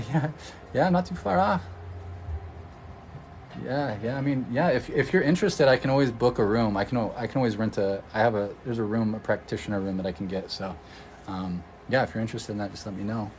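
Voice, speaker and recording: Guy from oregon rambling on a livestream, lowish voice, faint hum behind. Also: brisk, a little mellow, poor audio. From Oregon, USA. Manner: rambling, restarts often, reads and answers viewer comments. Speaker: energy healer livestreaming. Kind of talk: casual livestream chat.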